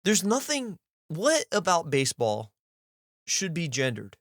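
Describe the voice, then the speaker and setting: An animated man swears freely and fires off questions in casual podcast chat. His voice sits a little higher than most men's. The sound is dry and close. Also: unhurried, dry recording. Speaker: podcast co-host.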